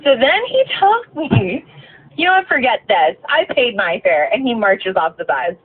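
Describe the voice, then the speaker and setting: A woman's voice: a little high, very animated, normal speed, husky. Exasperated woman ranting over a phone line. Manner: heavy swearing, exasperated, voice breaking with emotion. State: tired. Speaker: bus driver. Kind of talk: late-night venting rant. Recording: tinny phone-line sound, faint hiss.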